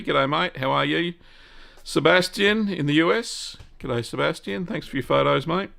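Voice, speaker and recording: A man's voice: medium pitch, creaky, fairly bright tone. An Australian man hosting a live-stream Q&A, talking in a rambling, casual way full of fillers and greeting viewers by name.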